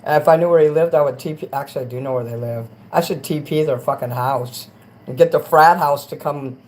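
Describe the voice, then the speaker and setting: A man hosting a casual late-night livestream, rambling and crude, dropping to mutters and then rising into loud rants. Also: a little high, a little fast, poor audio. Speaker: livestream host.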